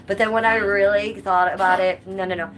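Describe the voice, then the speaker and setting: A woman live streams from home with a noisy background, chatting casually as she reads her viewers' comments aloud and answers them. Her mid-range voice is brisk and a bit bright, with fairly even intonation.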